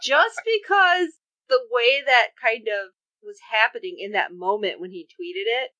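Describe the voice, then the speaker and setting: Her voice leans high and her delivery is a little slow as she co-hosts a casual podcast recap of a TV episode. Animated, she acts out characters' lines. The recording is dry, dull and lo-fi.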